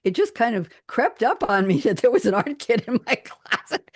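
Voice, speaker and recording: A woman hosting a talk radio show, telling stories in a lively way and laughing as she talks. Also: on the high side, normal speed, few pauses, no room sound. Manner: lively storytelling, laughs while talking. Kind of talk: casual chat. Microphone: studio microphone.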